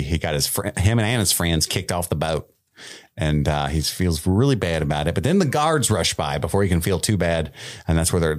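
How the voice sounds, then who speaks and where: Casual podcast co-host, man, lively swooping pitch, jokey. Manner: jokey, laughs often, acts out quotes. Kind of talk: casual chat recapping a TV episode.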